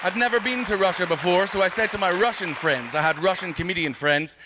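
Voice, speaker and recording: A Scottish man performing a stand-up comedy set, telling stories with sudden loud punchlines. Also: high voice, fairly quick, a crowd in the background. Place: stage before a live audience. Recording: live show with audience laughter and noise.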